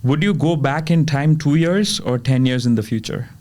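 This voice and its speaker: Relaxed male podcast host. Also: on the high side, normal speed. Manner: relaxed, agreeable, short replies. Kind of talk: casual interview chat with quickfire questions.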